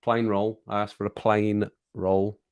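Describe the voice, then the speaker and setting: A man's voice: on the low side, flat delivery, unhurried, clean tone, no echo, clean studio sound. A man hosting a livestream, chatting casually, reading the chat aloud and laughing often. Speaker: livestream host.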